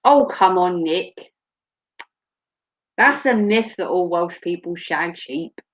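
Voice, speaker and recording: A woman from Norfolk, England, with a Norfolk accent hosts a casual chat, blunt and joking, laughing often. Her voice is on the low side, animated and slow. The recording is muffled and lo-fi.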